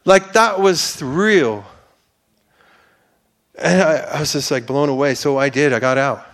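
Man, church testimony, earnest, rambling, fervent preaching peaks, fairly high voice. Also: normal speed, a bit bright. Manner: earnest and rambling, with many restarts and fillers; builds to fervent, preacher-like declarations. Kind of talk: personal faith testimony.

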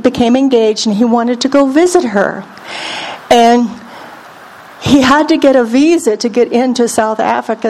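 A woman preaching a sermon, animated and leading the congregation to repeat scripture back to her. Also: fairly high pitch, slight background noise. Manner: lively, calls on the congregation to repeat.

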